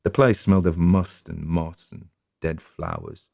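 Deep gravelly male audiobook narrator. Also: wildly swooping pitch, dark tone, no echo, clean studio sound. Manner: measured, atmospheric storytelling. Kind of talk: audiobook reading.

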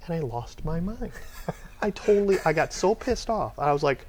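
A middle-aged man, a software company owner telling stories in a casual interview, rambling and getting worked up as he goes. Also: sits high, normal speed. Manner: rambling, animated, gets worked up retelling.

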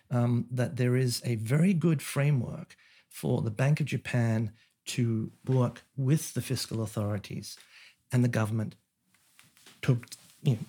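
A husky man with a dark, mid-range voice, appearing as an economist guest on a podcast. He lays out his ideas thoughtfully in a conversational interview, full of fillers and restarts.

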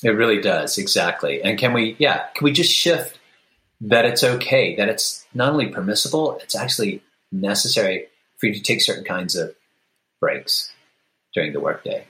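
A man's voice: on the low side, pushed and bright, reverberant, poor audio. A man speaking as a guest author on a podcast, reflective and thinking aloud with fillers. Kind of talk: conversational podcast interview.

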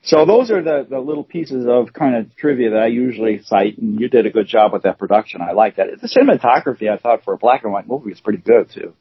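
A man co-hosting a casual chat show, talking in a hesitant, halting way with frequent restarts. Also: mid-range voice, animated, slightly rough, no room sound. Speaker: co-host. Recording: dull dry lo-fi recording.

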